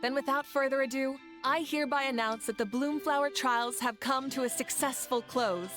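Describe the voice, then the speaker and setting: Confident woman leader, ceremonious, a bit high, game music behind. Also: moderate pace. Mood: proud. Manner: commanding, ceremonious, warm.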